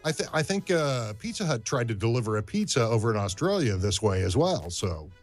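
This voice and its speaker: A man's voice: medium pitch, very animated, a little fast, faint music behind. A man co-hosting a live stream in casual chat, reading the news and teasing the host with dry humor.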